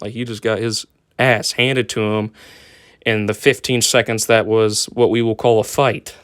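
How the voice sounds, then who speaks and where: A young man tells a story from his school days in a loose, rambling way, full of fillers, restarts and swearing. His voice is smooth and resonant at an ordinary pitch, and the recording is dry and close. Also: fairly even intonation, moderate pace, no echo. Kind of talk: casual story time.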